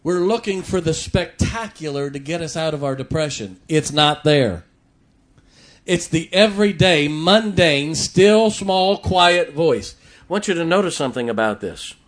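A man preaching a sermon from the pulpit, swinging between loud emphatic points and quiet asides. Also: a little high. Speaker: pastor. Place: church sanctuary.

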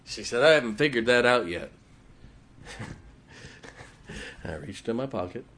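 A man preaches to his congregation in a folksy, storytelling way, chuckling at his own punchlines. His voice sits at an ordinary middle pitch for a man, and he speaks from the pulpit of a church. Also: lively intonation, slow pace, fairly bright tone. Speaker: pastor. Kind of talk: sermon.

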